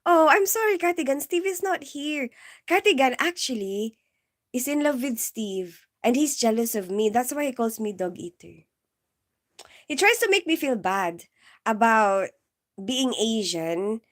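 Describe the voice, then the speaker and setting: A woman's voice: a little high, sing-song, measured pace. A woman chatting casually on a live stream, giggly and rambling, filling her talk with "like" and "you know". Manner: giggly, keeps bursting into laughter.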